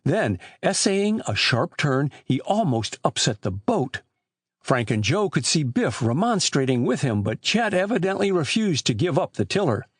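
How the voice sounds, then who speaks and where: A man narrates an adventure story with a lively, sweeping delivery. His voice sits a little high. The sound is close and dry with no room around it. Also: moderate pace, husky, no room sound. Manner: animated reading with lively shifts for characters. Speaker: audiobook narrator. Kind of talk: scripted narration.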